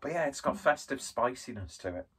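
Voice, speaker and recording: A man's voice: mid-range voice, expressive, brisk, fairly bright tone, breathy edge. A man, from northwest England, chatting through a casual beer review in a rambling, self-deprecating, jokey way. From Skelmersdale, northwest England.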